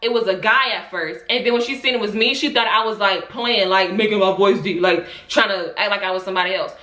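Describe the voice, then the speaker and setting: A young woman telling a story in a casual vlog, lively and animated, acting out quoted lines and laughing often. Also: mid-range voice, quick pace, roomy sound. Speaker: vlogger.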